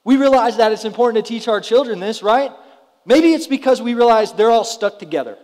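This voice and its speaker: A man's voice: extremely high pitch, lively intonation, a little fast, darkish tone. A man in his thirties preaching a sermon to his congregation in a conversational way, often putting questions to the room. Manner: conversational, asks the audience questions. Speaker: pastor. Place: church hall before a congregation. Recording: roomy hall with long reverb.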